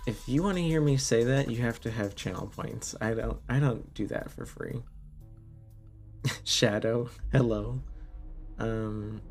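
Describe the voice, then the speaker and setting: Slow gravelly-voiced young man streamer. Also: fairly low pitch, darkish tone. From Canada. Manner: chatty, answers chat, many fillers and restarts. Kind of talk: casual live-stream chat.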